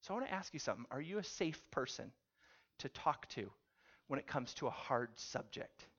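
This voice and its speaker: A male pastor delivering a sermon through a story, asking his listeners questions along the way. His voice sits at a mid-range pitch, and his delivery is animated. The recording sounds dull and lo-fi. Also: moderate pace.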